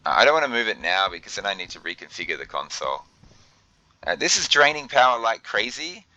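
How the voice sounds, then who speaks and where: A deep-voiced young man talks his way through a game as he plays. His tone is bright and forceful. He keeps stumbling over his words and restarting his sentences. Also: big pitch swings, quick pace, no echo, highs cut off. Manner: flustered, thinks aloud with many fillers and restarts. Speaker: gaming video host. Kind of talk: let's play commentary.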